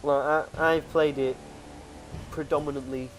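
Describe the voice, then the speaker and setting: A man's voice: fairly high pitch, level tone, unhurried, a little hiss or hum. A young man co-hosting a casual gaming chat, rambling through stories with lots of restarts and "like". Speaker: co-host.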